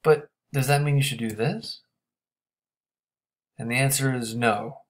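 A man teaching a grammar lesson, explaining step by step and checking in with quick questions. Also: medium pitch, a little hiss or hum.

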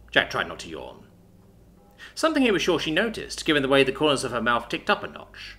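Bright, expressive male story narrator. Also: mid-range voice, a little fast. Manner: expressive, dramatic reading. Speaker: audiobook narrator. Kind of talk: scripted fantasy story narration. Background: faint background music.

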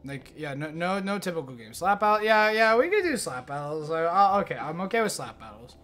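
A man's voice: on the high side, very animated, a little fast, a bit bright, soft background music. A young man streaming games, chatting casually with his viewers in a rambling, profane, joking way. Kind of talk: casual livestream chat while gaming.

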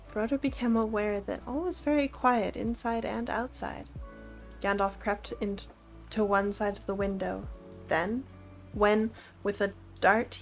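A woman narrates a novel aloud for a live stream. Her voice sits at an ordinary middle pitch and moves at a steady, measured pace. Faint music plays under the reading. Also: rough recording. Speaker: reader.

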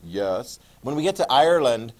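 A history teacher with a medium-pitched, very animated voice speaks at a normal speed. He lectures his class loosely and conversationally, often pausing to ask whether the students are following before picking the thread back up.

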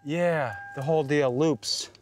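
A man's voice: fairly high pitch, slow pace, a little hiss or hum. A man explaining his radio gear outdoors in the desert, rambling and chatty with lots of fillers and restarts. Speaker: radio hobbyist guide. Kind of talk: casual explaining in the field.

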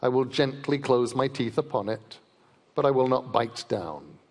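A huge male wolf, proud and scornful, growls out his defiance and distrust, as a man reading a story puts him on. The voice sits at an ordinary middle pitch for a man. A large hall's long reverb trails after every word. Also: expressive, normal speed, a little mellow. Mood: challenging.

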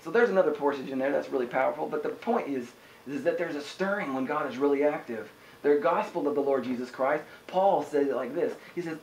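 A man preaching a sermon in an energetic, conversational way, often asking the listeners "amen?". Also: a little high, fairly quick, reverberant, a little hiss or hum, poor audio. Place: house church room.

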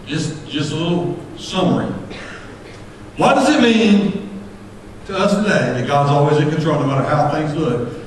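A man preaching a sermon as pastor, folksy and impassioned, rising to shouts at his peaks. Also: a little high, normal speed, pauses often, a little hiss or hum. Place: church sanctuary. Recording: echoey church hall from far off.

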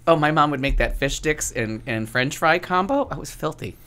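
Animated storytelling man in casual chat. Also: fairly high pitch, normal speed. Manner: animated storyteller, swears freely, laughs often. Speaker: podcast co-host.

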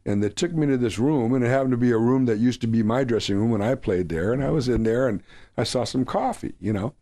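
A man's voice: medium pitch, fast talker, dark tone. A man who leads a band, a guest in an interview, telling a casual anecdote and acting out the quotes, with many fillers.

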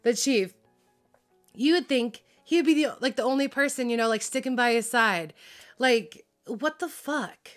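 A woman's voice: a little high, normal speed, faint music behind. A woman ranting about a TV drama in a casual, heated vlog, swearing constantly, full of fillers, laughing and losing track of names. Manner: heated, profane, filler-heavy venting with laughs; frazzled, loses track of names. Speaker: drama reaction vlogger.

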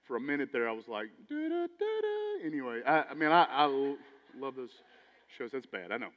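A man preaching a sermon as pastor, animated, swinging between loud emphasis and quiet asides. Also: medium pitch, a little fast, dull audio. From Texas. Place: church sanctuary. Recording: church hall with long reverb.

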